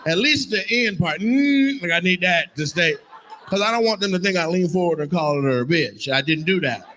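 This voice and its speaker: A man with a fairly high voice works the crowd at a live comedy show, roasting audience members with brash, profane banter. He talks into a stage mic, and the room behind him is full of steady noise. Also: moderate pace. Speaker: stand-up comedian doing crowd work. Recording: noisy live venue sound.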